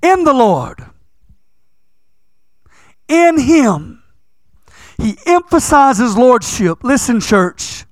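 High-voiced emphatic male preacher. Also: big pitch swings, drawn-out words, pauses often, dry recording. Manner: emphatic, repetitive, swinging between loud and hushed. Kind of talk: sermon.

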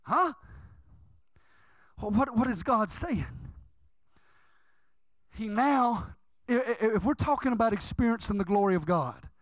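High-voiced fervent preacher man. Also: lively intonation, dry recording. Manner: fervent, emphatic, drawn-out stresses. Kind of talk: sermon.

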